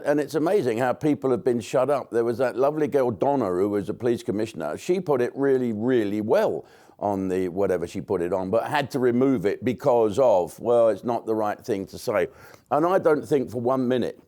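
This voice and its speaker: A man's voice: lowish voice, warm tone. An older English man, a comedian, delivering a blunt, rambling monologue to camera with frequent swearing and restarts. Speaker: comedian commentator.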